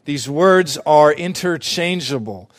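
A man preaching a sermon as pastor, earnest and deliberate, repeating key phrases for emphasis. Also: a little high, expressive.

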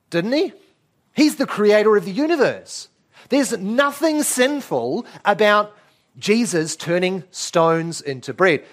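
A man preaches an expository sermon with a lively voice that swings widely in pitch. He asks rhetorical questions and leans hard on key words. His voice sits a touch higher than most men's.

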